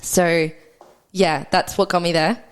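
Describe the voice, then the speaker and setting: A woman's voice: on the low side, little pitch movement, smooth. A young adult woman, a podcast guest, speaking candidly and conversationally about her own experience, often re-enacting what she and others said. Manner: quick, conversational, re-enacts past dialogue. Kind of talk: candid personal storytelling.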